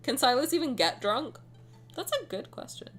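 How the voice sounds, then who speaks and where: A woman's voice: high-pitched, big pitch swings, normal speed, fairly bright tone. A woman streamer chatting and joking casually while reading game dialogue aloud. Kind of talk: casual gaming commentary. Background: faint game music.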